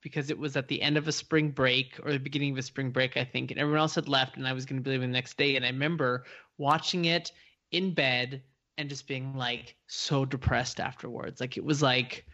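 A man's voice: mid-range voice, steady tone, fairly quick, sharp tone, lo-fi sound. A man co-hosting a podcast in casual recap chat, reflective and full of filler likes. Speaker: podcast co-host.

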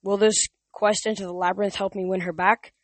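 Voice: medium pitch, flat delivery, brisk, dry recording, close to an everyday voice. Brief: a reader doing an insistent boy summoner, pushy and raised, dry close sound. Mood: demanding. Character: demanding boy summoner of ghosts. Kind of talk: amateur audiobook reading.

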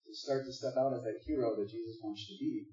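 A man's voice: medium pitch, fast talker, warm tone. A man preaching a sermon in a conversational, joking way, reading scripture aloud between asides. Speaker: pastor. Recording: distant echoey dull room recording.

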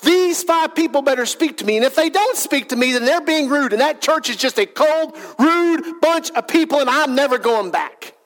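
A man putting on the voice of a cranky churchgoer who whines indignantly and is quick to take offense. The voice stays high for a man, with a petulant, complaining edge. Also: animated, a bit bright, in a large hall, a little hiss or hum.

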